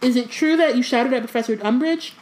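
A woman reading aloud as a stern older witch teacher who speaks briskly. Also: on the high side, a little mellow, pitched above the performer's own voice, lightly acted.

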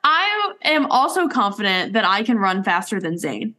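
A woman's voice: mid-range voice, big pitch swings, normal speed, pushed and bright. A woman joining a podcast as producer, playful and chatty, telling stories with laughs. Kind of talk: casual chat.

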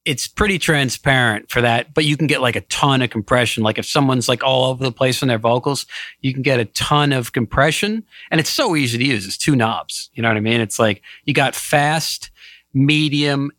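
A man's voice: medium pitch, normal speed, a bit bright, no echo, studio quality. A man in a casual chat who sounds laid-back and agreeable, often chuckling along.

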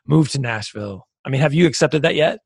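A man's voice: medium pitch, expressive, fast talker, gravelly, slightly rough, dry recording, clean studio sound. A man co-hosting a podcast in casual chat, rambling and joking as he wraps up. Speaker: podcast co-host; lead pastor.

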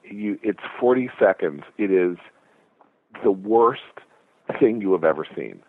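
A fairly low-pitched, middle-aged man chats casually as a podcast co-host, stumbling through fillers and restarts. His voice comes through a tinny, phone-like line with a dry sound. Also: lively intonation, no room sound. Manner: halting, full of fillers and restarts. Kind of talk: casual chat.

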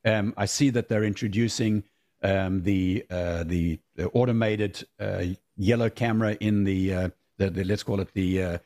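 A man's voice: on the low side, fairly even intonation, moderate pace, darkish tone. A man speaking as a guest on a video-call podcast, giving firm, emphatic opinions in casual chat. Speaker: guest, race car driver.

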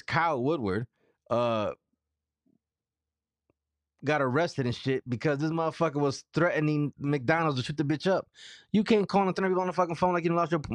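A man's voice: mid-range voice, dry recording. Profane, irritated man hosting a podcast. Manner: profane, loose and irritated, swings from muttering to loud outbursts. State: sore mouth. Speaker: podcast host. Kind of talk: casual solo podcast rant.

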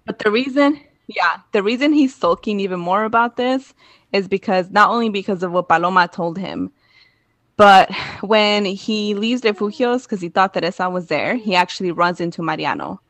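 A woman's voice: medium pitch, moderate pace, no room sound. A woman co-hosting a podcast, casually recapping episodes and acting out the characters' lines. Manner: animated retelling, acts out characters' lines. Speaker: podcast co-host.

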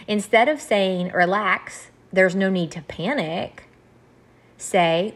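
A woman leading a group, reading through graphics and explaining them in a gentle, earnest way. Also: fairly low pitch, breathy edge.

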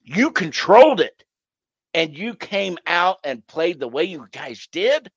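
A man's voice: fairly high pitch, sing-song, takes it slowly, slightly rough, no echo, dull audio. A man co-hosting a casual sports podcast from home on a headset, blunt and swearing as he rants. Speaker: podcast co-host. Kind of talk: casual chat.

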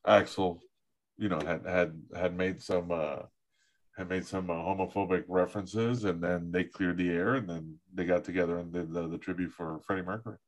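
A man's voice: low-pitched, steady tone, moderate pace. A man hosting a casual podcast chat, loose and profane, reading out news items between banter. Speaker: podcast host.

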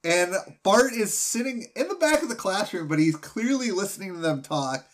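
A man hosting a podcast, recapping an episode in an enthusiastic, animated way. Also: high-pitched, normal speed, slight background noise. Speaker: podcast host. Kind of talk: casual chat recapping a cartoon episode.

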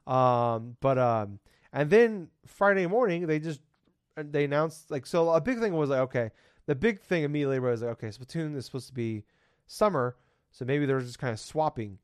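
A man's voice: a little high, expressive, normal speed, clean tone, no echo, studio quality. Profane rambling male podcast host. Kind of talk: casual podcast chat.

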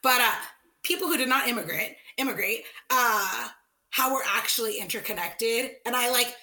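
A woman's voice: on the high side, normal speed, sharp tone. A woman in casual chat, earnestly recommending a book she loves.

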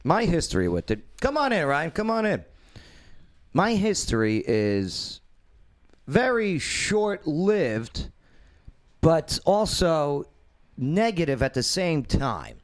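A man's voice: a little high, slow. A man hosting a casual talk show, telling a long story loosely with lots of fillers. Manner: rambling storyteller with many fillers, lively intonation. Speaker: podcast host.

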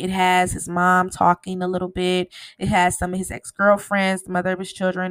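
A woman's voice: on the low side, a bit bright, no echo. A woman hosting a podcast, giving a casual, rambling recap full of "you know" fillers. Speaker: podcast host.

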